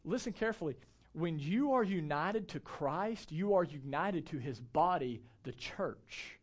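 A man in his thirties preaching a conversational, animated sermon to a church gathering. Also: fairly high pitch, unhurried. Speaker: pastor.

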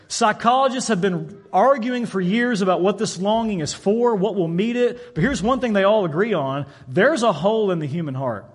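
A man preaching a sermon in a church, telling a story and acting out the voices of its people. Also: high-pitched. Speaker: pastor.

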